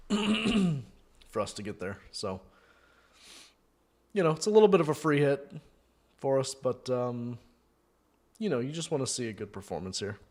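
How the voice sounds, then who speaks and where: A man hosting a fan watchalong, chatting casually through a live match and thinking aloud with many fillers. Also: medium pitch. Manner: bursts into loud disbelieving shouts at goals.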